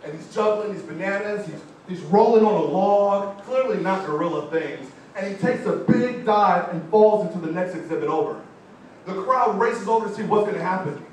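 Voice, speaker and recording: A man with a high voice gives an animated motivational talk, building his story and calling out to the crowd. He sounds far from the mic in a big, heavily echoing hall, with faint room noise underneath. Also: normal speed. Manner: animated storytelling with audience call-outs. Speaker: motivational speaker. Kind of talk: live motivational speech. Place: large college event hall. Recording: echoey hall, distant mic.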